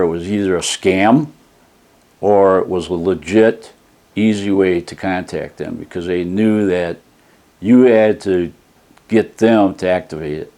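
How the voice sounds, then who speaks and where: A man's voice: sits low, mellow. A man telling a casual, rambling story in a folksy manner while reviewing a product he bought. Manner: rambling folksy storytelling, retelling a phone call.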